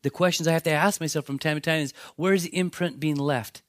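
A male pastor preaching with a slightly raised pitch, recorded dry and close. He tells Bible stories with animation and drops into the characters' voices. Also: quick pace, no room sound. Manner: animated storytelling, acts out voices of biblical characters. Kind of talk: sermon.

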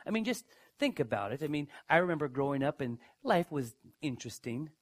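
A man preaching a sermon, emphatic, who asks his listeners questions and swings from hushed to loud. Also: very animated, brisk. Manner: emphatic, dramatic swings in pitch and loudness. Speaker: pastor.

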